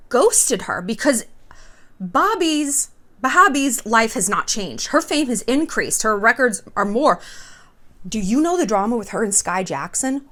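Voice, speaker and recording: A woman's voice: fairly high pitch, a bit bright. A woman hosting a vlog, with candid, chatty commentary laced with profanity. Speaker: vlog host. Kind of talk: casual commentary.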